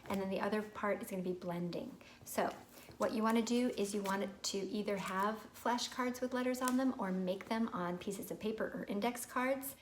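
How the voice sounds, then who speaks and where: A young woman, a teacher, explaining reading tips to parents in a clear, patient way and sounding out words as she would for children. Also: medium pitch, moderate pace, a little hiss or hum. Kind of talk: instructional video for parents.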